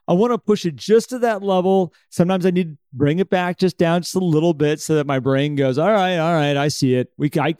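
A man co-hosts a casual podcast chat, speaking animatedly and acting out an inner voice. His pitch is fairly high. The recording is dry.

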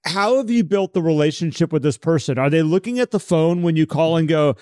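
A man with a slightly high voice co-hosts a casual podcast, recorded dry and close. He talks in an animated way, often slipping into imagined phone reactions. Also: a little fast, few pauses, clean tone, dry recording. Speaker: podcast co-host.

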